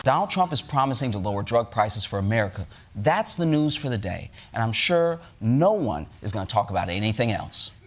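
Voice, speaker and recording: A man delivering a sarcastic, animated comedic monologue as host. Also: lowish voice, fairly quick, few pauses, a little hiss or hum.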